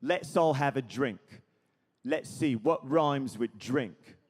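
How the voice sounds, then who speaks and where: A man's voice: medium pitch, slow pace, pitched below the performer's own voice, lightly acted. A man doing a curt British rock star. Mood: curt, dismissive. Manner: blunt, clipped one-word replies. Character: curt aloof male rock-star, impression.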